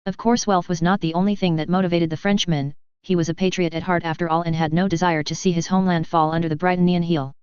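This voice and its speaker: An audiobook narrator reading a story in a steady, formal storytelling manner. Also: mid-range voice, smooth, no room sound, highs cut off. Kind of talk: scripted narration.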